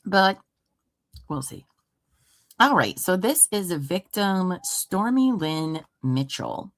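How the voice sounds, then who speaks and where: A woman with a low, deep voice reads an investigative report aloud to her stream audience. She breaks off into sarcastic, exasperated asides. The sound is close and dry, with no room echo. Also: very animated, slow pace. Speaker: true crime livestream host. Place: home room.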